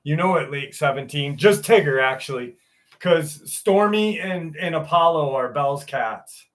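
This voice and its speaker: Man, stream host, casual chat and story reading, swears freely, slightly high voice. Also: expressive, measured pace. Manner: chatty, swears freely, greets viewers by name.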